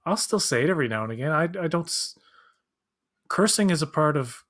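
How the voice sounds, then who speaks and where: A man's voice: on the high side, lively intonation, fairly quick, fairly bright tone. Rambling man chatting. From Canada. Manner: rambling, many restarts and fillers, acts out quoted voices. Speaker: watch-along co-host. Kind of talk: casual chat.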